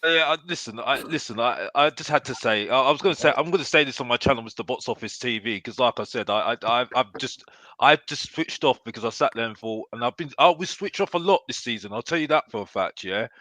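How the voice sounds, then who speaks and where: A man's voice: mid-range voice, lively intonation, fast, bright, forceful tone, no echo. A man giving blunt football opinions in a casual debate, emphatic, forever tagging his points with "yeah?". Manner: emphatic, keeps asking "yeah?"; blunt and fired up. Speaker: football fan pundit guest.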